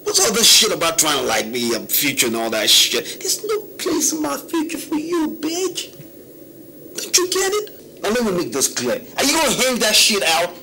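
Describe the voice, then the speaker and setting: A man's voice: high voice, huge pitch swings, moderate pace, vocal fry, a little hiss or hum, heavily acted. An actor playing an arrogant young womanizer with a slangy, swaggering Nigerian accent who lashes out at his girlfriend. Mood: dismissive. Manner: cocky slangy swagger, swings into shouting.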